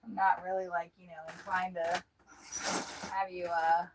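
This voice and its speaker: A woman's voice: fairly low pitch, little pitch movement, a little slow, background noise. A woman chatting casually on a livestream, joking around and laughing often. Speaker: livestream host.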